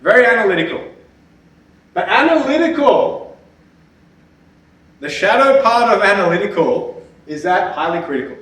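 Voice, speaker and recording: A man, a spiritual teacher, gives a lively lecture full of anecdotes. He laughs often and checks in with his listeners by asking "yeah?". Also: sits high, normal speed, long pauses. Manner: animated, laughs often, ends points with a questioning "yeah?". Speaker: spiritual teacher giving a talk. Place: lecture hall at a festival symposium. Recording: very echoey hall, speaker far from the mic.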